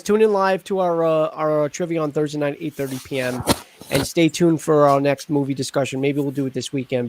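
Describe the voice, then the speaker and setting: A man's voice: fairly high pitch, darkish tone, no echo. A man hosting a casual live stream chat, joking and rambling with plenty of fillers. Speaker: host.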